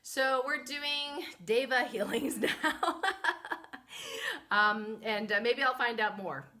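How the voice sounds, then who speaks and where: Woman vlog host, bright and forceful tone, chatty storyteller with lots of "like" and "you know", handheld camera. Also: on the high side, slow pace. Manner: animated, chatty, many fillers, laughs often. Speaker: host and spiritual medicine practitioner. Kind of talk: casual storytelling. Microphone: camera she holds herself.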